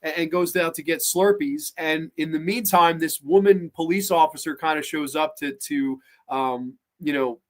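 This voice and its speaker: A man hosting a podcast, retelling comedy scenes in an animated, profane, casual way. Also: a little high, moderate pace, hardly any pauses. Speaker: podcast host. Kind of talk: casual movie chat.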